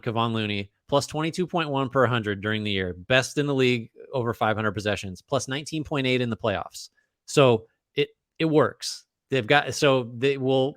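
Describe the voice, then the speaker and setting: A man's voice: medium pitch, fairly bright tone, no echo, clean studio sound. A man co-hosting a casual basketball podcast, thinking aloud with frequent restarts and fillers. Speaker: podcast co-host. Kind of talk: casual basketball analysis chat.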